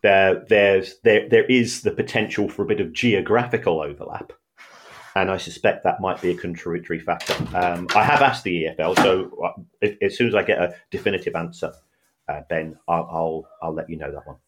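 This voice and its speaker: A man co-hosting a podcast, speaking in a measured, hesitant way with many pauses and fillers. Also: low-pitched. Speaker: podcast co-host, finance expert. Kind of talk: casual chat.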